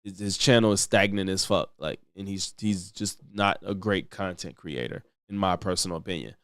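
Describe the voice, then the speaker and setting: A man's voice: low voice, normal speed, fairly bright tone, smooth, no room sound. A man streaming blunt, profane reaction commentary on video clips, mocking the people in them.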